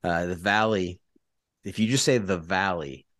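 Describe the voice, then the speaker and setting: A man's voice: sits low, unhurried, a bit bright. A man in his forties from Southern California hosting a casual podcast interview, asking easygoing questions. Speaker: podcast host.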